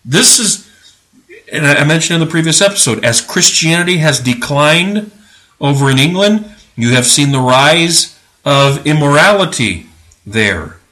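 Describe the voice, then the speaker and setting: Guy hosting a religion podcast, bright punchy voice, sarcastic and preachy, gets all indignant. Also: fairly high pitch, animated, measured pace. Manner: emphatic, indignant. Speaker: podcast host.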